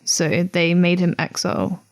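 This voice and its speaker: A woman chatting as a guest, calm and matter-of-fact as she fills in details. Her voice sits a little low. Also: a little slow. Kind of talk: casual chat.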